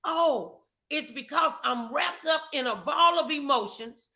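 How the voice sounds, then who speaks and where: A woman's voice: high-pitched, animated, unhurried, vocal fry, pushed and bright. A woman co-hosting a podcast, giving emphatic faith-based advice, repeating her phrases. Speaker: podcast co-host.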